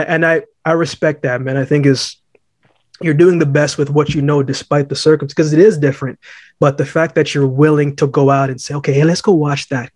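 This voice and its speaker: Man, podcast host, earnest and affirming, slightly high voice, dry sound. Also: a little mellow, no room sound. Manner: earnest, affirming, repeats words. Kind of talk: interview.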